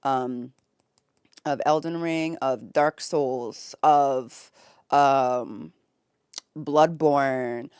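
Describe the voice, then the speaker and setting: A woman's voice: low-pitched, darkish tone, clean tone, no room sound, clean studio sound. A young American woman streaming from bed, chatting casually with viewers, reading chat aloud and laughing often. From United States. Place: home, in bed.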